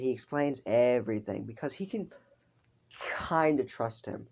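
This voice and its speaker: A man's voice: medium pitch, animated, unhurried, gravelly, a little mellow, slight background noise. A man telling a story in a casual, improvised way. He rambles, swears and breaks off for asides.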